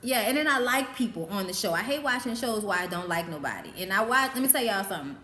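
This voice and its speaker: A woman's voice: medium pitch, animated, quick pace, sharp tone, slight background noise. A woman with a New Orleans accent hosting a live Q&A as a vlogger, talking frankly and profanely and laughing often. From New Orleans, USA. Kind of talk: casual chat. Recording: roomy echo.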